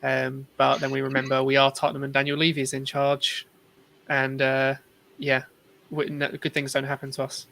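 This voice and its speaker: A man's voice: mid-range voice, completely flat delivery, normal speed, gravelly, pushed and bright. A man speaking as a guest on a casual fan stream, blunt and resigned. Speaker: guest panelist. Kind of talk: casual live-stream chat.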